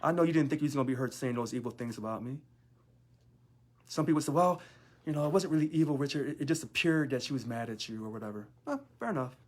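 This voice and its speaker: A man's voice: mid-range voice, expressive, fast, darkish tone. A man, a union local leader, talking in a sarcastic monologue full of rhetorical questions. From United States. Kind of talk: casual monologue video.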